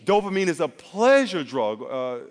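A man preaching a sermon as pastor, animated and leading call-and-response with the congregation. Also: a little high, normal speed. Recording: long hall reverb.

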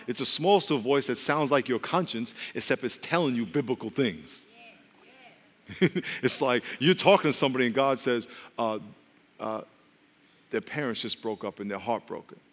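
A man preaching a sermon as pastor, conversational and humorous, with quick asides to the congregation. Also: medium pitch, a bit bright, in a large hall.

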